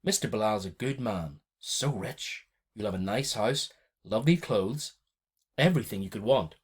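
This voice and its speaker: A man reading a story aloud and voicing a gentle mother who speaks softly and soothingly. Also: on the low side, expressive, moderate pace, slightly rough. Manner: soft, soothing.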